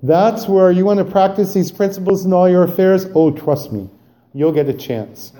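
At a recovery meeting, a man with a high-pitched voice shares his personal story at normal speed. He gets animated and acts out dialogue, then turns quiet and subdued for the serious parts.

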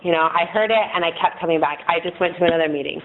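A woman's voice: fairly low pitch, very fast. A woman in her thirties giving a frank, rambling personal testimony to a group in a meeting room, often laughing at herself. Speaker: speaker sharing at a recovery meeting. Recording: tinny phone-like recording, faint noise.

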